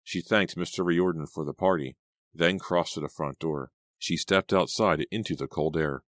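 A man narrating an audiobook in a steady storytelling manner. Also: low-pitched, moderate pace, dry recording, clean studio sound. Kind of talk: scripted narration.

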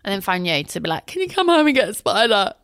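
A woman co-hosting a casual podcast, animated and laughing, swearing freely. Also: mid-range voice, fast talker, clear, resonant tone. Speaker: podcast co-host.

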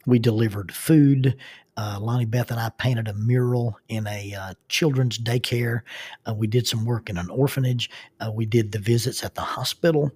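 A man's voice: mid-range voice, moderate pace, darkish tone, breathy edge, dry recording. A middle-aged man with a Southern accent, telling folksy, self-deprecating travel stories with laughter. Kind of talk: casual storytelling.

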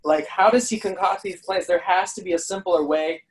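Podcast co-host, mid-pitched, wry, questioning, casual chat. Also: moderate pace.

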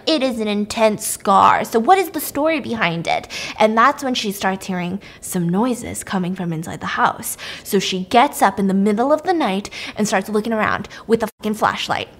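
A woman's voice: fairly high pitch, a bit bright. A young woman hosting a podcast, casually recapping a movie in a chatty, filler-heavy way and swearing often. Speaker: podcast host.

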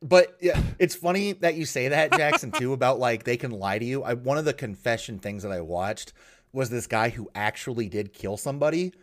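A man chatting casually on a podcast, rambling and swearing as he tells animated stories. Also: medium pitch, brisk. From Minnesota. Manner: rambling, profane, animated storytelling. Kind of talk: casual chat.

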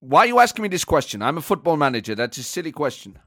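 Bristling foreign football boss voiced by a man, broken English, lively swooping delivery, touchy and combative, dry booth. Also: on the high side, very fast, no echo, exaggerated voice. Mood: defensive. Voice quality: broken English, defensive, bursts into threats.

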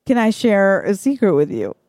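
A woman's voice: medium pitch, sing-song, moderate pace, a little mellow, no room sound. A woman co-host improvises a goofy romance plot, talking in a loose, chatty way full of fillers and giggles. The sound is dry and close, with no room around her voice. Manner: giggly, chatty, lots of likes and ums. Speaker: podcast co-host. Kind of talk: improvised comedy chat.

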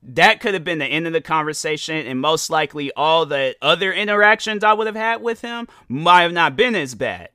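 A young man with a bright, forward voice pitched a little above the usual tells a long story on his podcast. He rambles and restarts with plenty of fillers and keeps it animated. The sound is close and dry, with no room around it. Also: brisk, hardly any pauses, clean tone, no room sound. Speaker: podcast host. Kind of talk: casual storytelling.

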